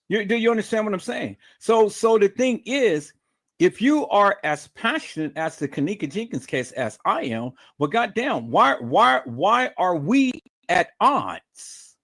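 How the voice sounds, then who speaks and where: Fired-up guy ranting on his livestream, aave, voice swings all over, kinda high for a man. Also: animated, a little slow, fairly bright tone. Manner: angry, profane, repetitive, confrontational. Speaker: livestream host. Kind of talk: heated livestream rant.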